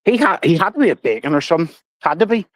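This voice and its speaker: A man's voice: a little high, big pitch swings, very fast, no echo, low-quality recording. A middle-aged man, swearing freely as he rambles through stories on his casual livestream. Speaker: livestream host.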